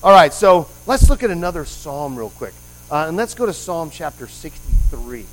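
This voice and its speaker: A man's voice: on the high side, sing-song, moderate pace, faint music behind, low-quality recording. A man preaching a conversational sermon, rambling with asides and quizzing the congregation with questions. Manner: rambling with frequent restarts and asides.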